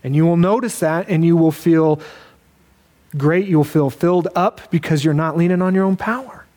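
A young man preaching a sermon, emotional and halting, close to tears as he speaks to his daughter. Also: on the high side, warm tone. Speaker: pastor.

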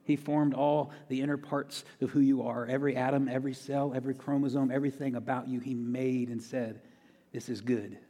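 A man's voice: mid-range voice, little pitch movement, brisk, hardly any pauses, mellow. A man preaching a sermon in a conversational way, repeating key phrases for emphasis. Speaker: pastor. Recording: long reverb of a large hall.

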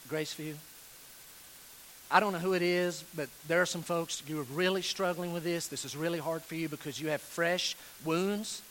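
A man preaching a sermon, earnest and pleading, slowing down to stress key phrases. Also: a little high, steady tone, a bit bright, slight background noise, low-quality recording. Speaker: pastor.

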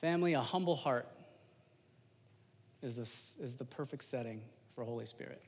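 A man in his thirties, a lay preacher giving an informal, animated sermon to a congregation. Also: mid-range voice, moderate pace, a little hiss or hum. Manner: casual, animated, slangy, talks to the congregation. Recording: long hall reverb.

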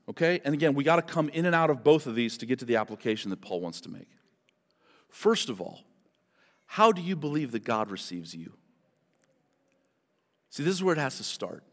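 A man preaching a sermon as pastor, in an animated, conversational way, often turning to people in the congregation. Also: mid-range voice. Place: church hall. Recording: long hall reverb.

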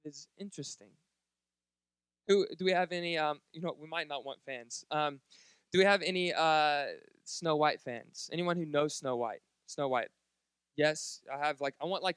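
A man's voice: fairly high pitch, normal speed, fairly bright tone, clean tone, no echo, studio quality. A man preaching a sermon at a church service, joking and chatting directly with the congregation. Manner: jokey, chatty, talks straight to the congregation. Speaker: pastor.

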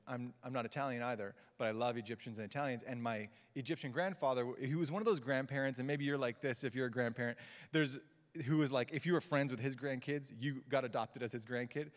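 A man preaches in a church hall, his mid-pitched voice trailing into long reverb. He tells personal stories with light laughter and slows to soft, tender quotes before rising again. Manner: warm storytelling with laughs and quiet, slowed quotes. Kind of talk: sermon.

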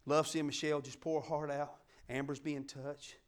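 A middle-aged man preaching a sermon, fervent and emphatic, swinging between loud declarations and quiet asides. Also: a little high, little pitch movement, moderate pace. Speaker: pastor.

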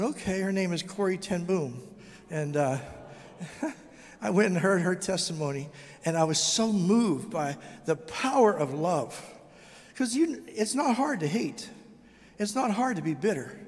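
An older man preaching a testimony sermon as a guest speaker, telling his story with animated, acted-out dialogue. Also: high-pitched. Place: church sanctuary. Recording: long hall reverb.

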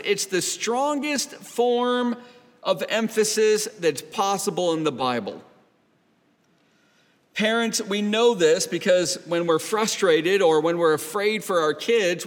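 A man preaching a sermon as a pastor, speaking slowly and deliberately and often repeating words. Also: sits high, in a large hall.

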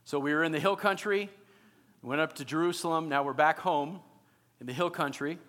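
A man preaching a sermon in a conversational, animated way, asking his listeners questions. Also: a little high, a little fast. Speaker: pastor.

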